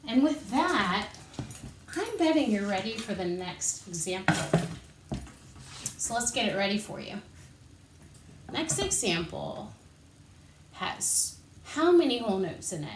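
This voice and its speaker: A woman's voice: mid-range voice, big pitch swings, measured pace, long pauses, noisy background. A woman teaching an elementary music lesson, patiently explaining and counting rhythm syllables aloud while she moves. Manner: encouraging, patient teacher talk. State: out of breath. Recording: echoey room, voice from a distance.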